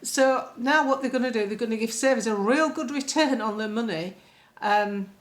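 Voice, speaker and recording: An English woman, a political vlogger, offers casual political commentary in a chatty, rambling way, full of fillers and sarcastic asides. Her pitch is fairly high and her pace moderate.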